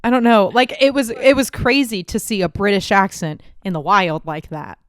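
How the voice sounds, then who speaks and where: A woman's voice: mid-range voice, normal speed, no room sound, studio quality. A young woman from Texas co-hosting a podcast, telling stories expressively with swearing and laughter. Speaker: podcast co-host. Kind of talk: casual storytelling chat.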